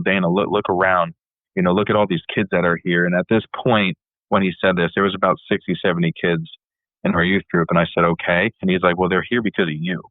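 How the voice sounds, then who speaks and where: A man's voice: low voice, no room sound, phone-quality sound. A man in a casual interview telling a long personal story, rambling and often repeating his words. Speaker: band leader and musician.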